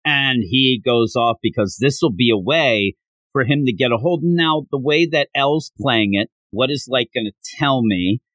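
Animated man acting out lines on a podcast. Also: medium pitch, dry recording. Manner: animated, acts out characters' lines in quick bursts. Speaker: podcast co-host. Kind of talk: casual podcast discussion.

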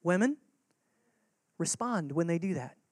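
A man's voice: on the high side, animated, measured pace, dry recording, clean studio sound. A man preaching a sermon as pastor, earnest and conversational, repeating key words for emphasis.

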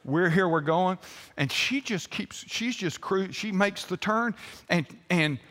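Older pastor preaching, bright voice a bit high, long echo off the church walls. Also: male voice, a little slow. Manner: folksy, asks the congregation questions. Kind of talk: sermon. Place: church sanctuary.

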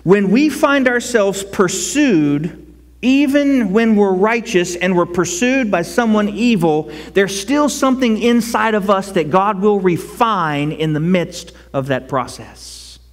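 A man preaching a sermon as pastor, conversational and animated, rising to loud cries. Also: sits high, unhurried. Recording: long hall reverb.

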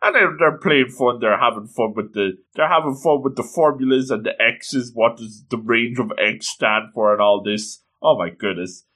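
A man excitedly recapping an anime episode, often breaking into exclamations. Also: mid-range voice, normal speed, few pauses.

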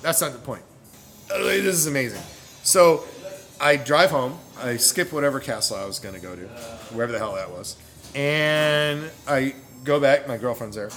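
Over soft background music, a middle-aged American man tells a long, meandering story in casual conversation. His pitch is medium and his speed normal. He's animated, laughs a lot, and keeps correcting himself as he goes.

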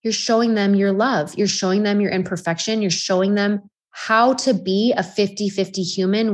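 Candid, self-mocking mom coach. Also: female voice, medium pitch. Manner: candid, self-deprecating, frequent rhetorical questions. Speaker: life coach and podcast host. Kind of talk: motivational talk.

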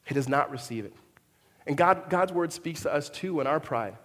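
In a reverberant church hall, a male pastor with a fairly high voice delivers a sermon at a moderate pace, animated and expressive. He often restarts phrases and slips into quoted voices along the way.

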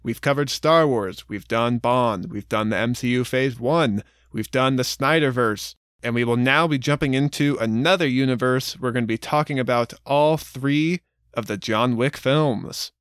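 Man, podcast co-host, playful banter, casual chat, mid-pitched voice. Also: moderate pace, fairly bright tone, clean tone, dry recording, studio quality. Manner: playful, reads show outro plainly. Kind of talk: casual movie review chat.

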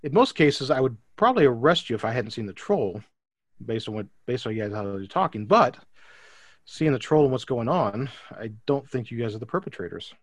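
A man voicing a clumsy young female griffin rider of a city guard, brisk and exasperated. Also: medium pitch, sing-song, no echo.

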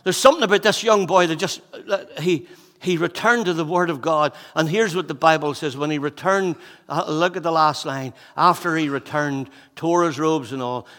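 A man in his sixties delivers a sermon with fervour, repeating his phrases for emphasis. His voice is bright and forceful, sitting a little high. A long reverb from the church hall trails each line. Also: normal speed. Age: 60s. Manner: fervent, repeats phrases, swings from loud exhortation to hushed intensity. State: out of breath. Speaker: pastor.

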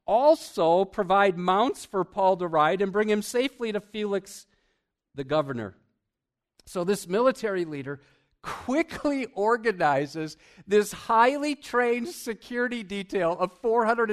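A man preaching with lively energy in a church, his voice sitting a touch higher than most men's. He leans into big, loud emphasis, then drops to quiet asides, questioning the congregation and chuckling as he goes. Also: unhurried. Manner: animated, swings between loud emphasis and hushed asides. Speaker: pastor. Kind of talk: sermon.

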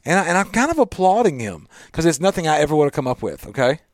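A man's voice: fairly high pitch, very animated, fast talker, dry recording. A man co-hosting a radio talk show, chatting casually in a small office studio, laughing often and talking like a preacher.

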